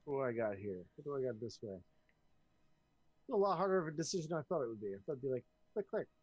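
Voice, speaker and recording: A man's voice: medium pitch, quick pace, breathy edge, muffled recording. A man narrates a tabletop game as its game master, his voice leaping up and down as he trades jokes with the table. He sounds close to the mic in a dry room with no echo at all. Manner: lively, joking banter with players.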